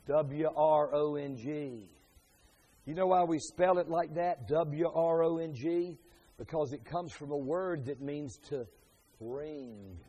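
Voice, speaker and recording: A male pastor preaching to his congregation in a slightly higher voice. His delivery swings from quiet, conversational asides to loud, emphatic declarations. The sound comes through a pulpit mic. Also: husky. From Pennsylvania, USA. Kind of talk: sermon.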